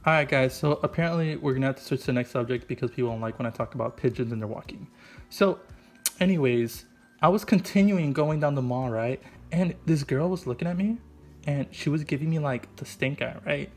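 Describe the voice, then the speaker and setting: Over faint background music, a vlogger with a mid-range voice talks fairly quickly through an improvised, funny makeup voice-over on a voice-over mic. His delivery is goofy and meandering, packed with "like" and "right?".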